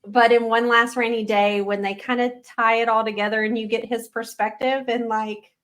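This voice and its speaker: A woman's voice: a little high, level tone, normal speed, fairly bright tone. A woman co-hosting a casual book-chat podcast, emotional and laughing often, swearing freely. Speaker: podcast co-host.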